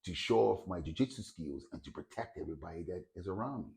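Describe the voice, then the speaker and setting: A man's voice: deep voice, lively intonation, fast, creaky, mellow. Cocky, boastful young man itching to show off, voiced by a male storyteller. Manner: boastful, eager.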